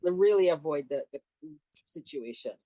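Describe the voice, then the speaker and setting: A woman's voice: sits low, lively intonation, moderate pace, mellow, no echo. A woman co-hosting a podcast, chiming in with short remarks and agreement during a casual chat. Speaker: podcast co-host.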